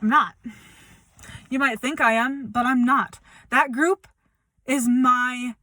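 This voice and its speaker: A woman's voice: sits high, fairly even intonation, slow pace, pushed and bright, no echo. A young woman speaking bluntly and confrontationally in a personal update vlog, swearing as she calls someone out. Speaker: vlogger.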